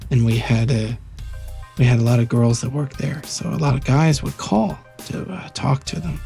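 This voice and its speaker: A man co-hosting a podcast, telling a rambling, animated workplace story in casual chat. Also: mid-range voice, moderate pace, vocal fry, soft background music. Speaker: podcast co-host.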